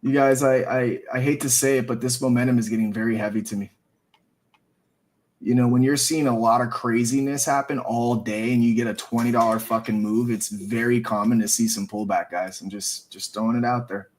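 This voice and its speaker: Excitable man hyping trading charts. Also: medium pitch, a little fast. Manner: excitable, profane, calls everyone dude and bro. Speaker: host of trading stream. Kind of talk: live trading chat.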